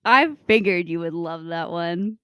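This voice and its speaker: A woman co-hosting a relaxed podcast, her voice smooth and clear as she shares opinions and laughs along. The recording is dry and close, with no room sound. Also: on the low side, a little slow, no room sound. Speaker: podcast co-host. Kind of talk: casual chat about a TV show.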